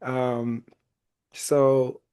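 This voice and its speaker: A man hosts a relaxed podcast chat and walks through a film's story with lively energy. He laughs often and slips into the characters' lines as he goes. His voice sits in an ordinary middle range for a man. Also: medium pitch, extremely slow, smooth. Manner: animated, laughs often, acts out quotes. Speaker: podcast host. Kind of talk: casual chat retelling a movie.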